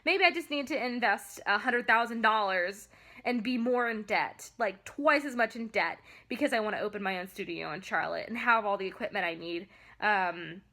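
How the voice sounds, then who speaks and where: Frustrated young woman ranting, bright voice. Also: mid-range voice, moderate pace. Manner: frustrated, emphatic venting with many fillers. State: upset, near tears. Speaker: vlogger and photographer. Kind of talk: ranting vlog to camera.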